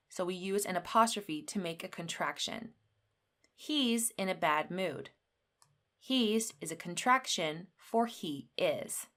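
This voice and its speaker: A woman teaching an English grammar lesson, explaining rules slowly and clearly and reading example sentences with lively emphasis. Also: on the low side.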